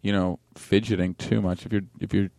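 A man co-hosting a podcast in easy chat, with a fairly low voice. He stops and restarts often and trails off. The recording is close and dry. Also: little pitch movement, creaky, dark tone, dry recording. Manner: halting, easygoing, trailing off. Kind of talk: casual comedic chat.

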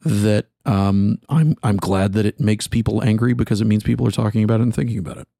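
A man on a podcast panel, starting haltingly and then explaining a small detail at length in casual chat. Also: fairly low pitch, creaky, dark tone, dry recording, studio quality.

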